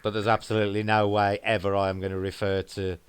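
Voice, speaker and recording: A man's voice: lowish voice, level tone, fast talker, clear, resonant tone. A man with a Black Country accent, co-hosting a paranormal livestream and chatting casually, reading viewer comments aloud and rambling with frequent restarts. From English Midlands.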